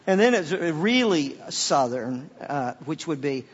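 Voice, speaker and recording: A man preaches to a congregation, his fairly high voice ringing out in a big hall with a long reverb. The sound is a little dull and muffled. He rises to loud emphatic peaks, drops to quiet asides, and often repeats words as he goes. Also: sing-song, slow, a little hiss or hum. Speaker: pastor. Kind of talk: sermon.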